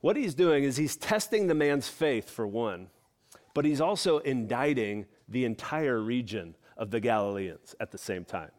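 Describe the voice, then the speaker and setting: A man's voice: mid-range voice, animated, normal speed, a little mellow. A middle-aged man preaching a sermon, explaining scripture in an earnest, conversational way with casual asides. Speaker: pastor.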